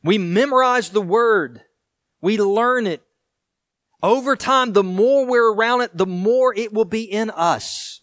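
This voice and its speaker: A male pastor with a high-sitting voice preaches slowly, reading scripture and explaining it earnestly. His delivery rises and falls between raised and hushed, captured in a dry, studio-quality recording.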